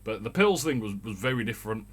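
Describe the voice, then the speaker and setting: A man's voice: lowish voice, lively intonation, quick pace, a bit bright, slightly rough. A man in his thirties with a mild Birmingham accent, rambling casually through a solo rant as the show's host. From Birmingham, England. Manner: rambling, chatty, swearing. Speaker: podcast host.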